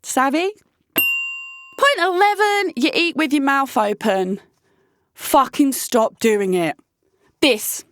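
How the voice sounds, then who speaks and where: A fairly high-voiced woman in her thirties vlogs about dating in a blunt, animated way, swearing freely and laughing often. The sound is dry and close, with no room echo. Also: slow pace, pauses often. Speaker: dating vlogger. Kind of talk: casual candid vlog monologue.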